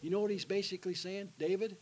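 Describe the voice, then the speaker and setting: A man preaching an evangelistic sermon in a church, calling out to the congregation for responses and dropping to a hushed voice for the invitation. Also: high-pitched, steady tone, fast talker, poor audio. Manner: call-and-response with the congregation, alternating loud and hushed. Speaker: guest preacher. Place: church sanctuary.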